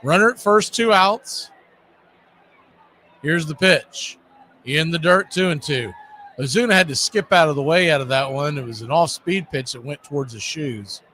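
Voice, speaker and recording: A man calling live baseball play-by-play in a relaxed, conversational way, with chatty asides between pitches. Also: normal speed, slight background noise. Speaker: play-by-play announcer.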